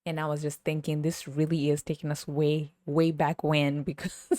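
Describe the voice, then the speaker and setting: A woman hosting a podcast, telling stories in an animated, casual way and laughing often. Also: low voice, normal speed, dry recording. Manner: animated storytelling, laughs often, sings snippets. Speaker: podcast host. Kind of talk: casual chat.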